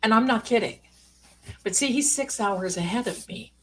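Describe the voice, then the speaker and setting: A woman's voice: fairly high pitch, animated, normal speed, fairly bright tone. A woman hosting a live stream in casual chat, a chatty, rambling storyteller with playful asides who calls her viewers pet names.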